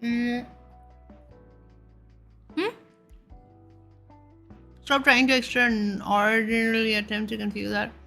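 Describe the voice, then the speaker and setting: A woman's voice: on the high side, fairly even intonation, takes it slowly, creaky, pauses often, sharp tone, faint music behind. A young woman streaming, chatting casually and playfully with her chat and stumbling over tongue-twisters.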